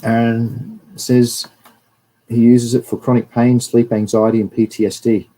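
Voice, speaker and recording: A man's voice: mid-range voice, flat delivery, measured pace, warm tone, rough recording. An Australian man hosting a livestream and giving a casual, rambling talk over slides while greeting viewers. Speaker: livestream host.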